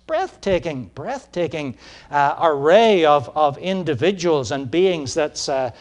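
A man preaching a sermon as pastor, measured and halting with ums, then swelling to emphatic peaks. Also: a little high, lively intonation.

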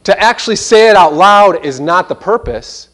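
A man preaching a sermon in a church, animated and earnest, sometimes mimicking voices in quoted asides. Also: sits high, normal speed. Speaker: pastor.

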